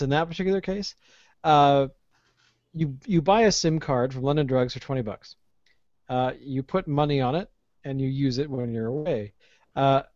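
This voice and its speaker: Man, podcast host, animated ranting storyteller, swears freely, higher voice, dry dull lo-fi sound. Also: no echo. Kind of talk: casual podcast chat.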